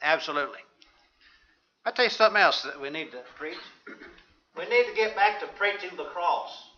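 A man's voice: high-pitched, expressive, normal speed, bright, forceful tone, lo-fi sound. A man preaching a sermon, emphatic and rhetorical, quoting scripture in old-fashioned wording.

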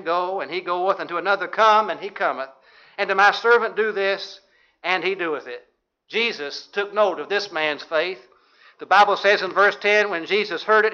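Male preacher, high bright voice, reads scripture, dull lo-fi sound. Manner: reads scripture in King James wording, asks the listeners questions. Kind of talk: sermon. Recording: dull lo-fi recording.

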